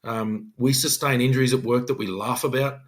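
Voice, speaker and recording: A man's voice: medium pitch, fairly even intonation, a little fast. A middle-aged Australian police detective sergeant telling an emphatic, earnest story on a podcast, often acting out his own words.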